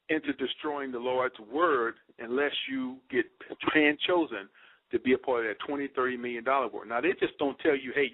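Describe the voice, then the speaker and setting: Preachy man on a tinny line. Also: medium pitch. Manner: emphatic, preachy, slangy, repeats points. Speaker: speaker addressing listeners. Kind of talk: conspiracy lecture. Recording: dry tinny phone-like sound.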